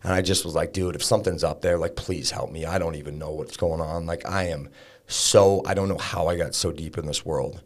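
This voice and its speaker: Low-voiced man, frank and casual. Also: fairly even intonation, fairly quick. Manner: casual and frank, swears, fills with "like". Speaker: podcast guest. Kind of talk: candid personal storytelling in an interview.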